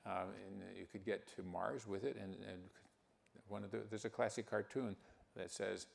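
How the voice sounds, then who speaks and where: An older man giving a conference talk, speaking haltingly with many fillers and restarts. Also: lowish voice, steady tone, creaky. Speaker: keynote speaker.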